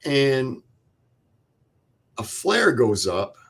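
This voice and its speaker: A man's voice: medium pitch, big pitch swings, slightly rough. Older man telling a war story. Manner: plain vivid retelling with quoted dialogue and pauses. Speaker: veteran guest. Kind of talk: interview storytelling.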